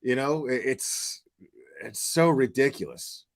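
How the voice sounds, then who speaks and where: A man's voice: mid-range voice, lively intonation, slow pace. A man hosting a stream, reacting to clips with sarcastic, profane commentary. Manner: sarcastic, mocking, swears a lot.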